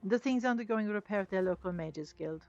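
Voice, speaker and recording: Talking quickly in a slightly mellow, medium-pitched voice, this let's play gamer jokes at her own expense and answers the on-screen characters. The casual commentary comes through a muffled lo-fi mic alongside game music.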